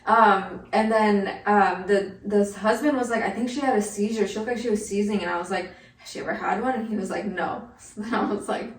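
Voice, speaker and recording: A woman who is a nurse, telling a clinical story in a relaxed, dryly humorous casual chat. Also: medium pitch, fairly quick. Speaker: nurse, podcast guest. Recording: echoey room, distant mic.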